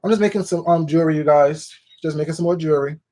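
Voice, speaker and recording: A man's voice: a little high, fast, background noise. A man hosting a casual livestream, greeting viewers one by one by name in a familiar, chatty way. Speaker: livestream host.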